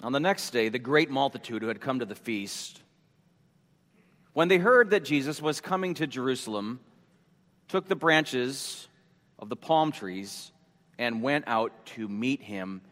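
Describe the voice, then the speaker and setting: A male pastor preaching a sermon slowly and deliberately, repeating his headings for emphasis. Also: medium pitch, lively intonation, fairly bright tone. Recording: long hall reverb.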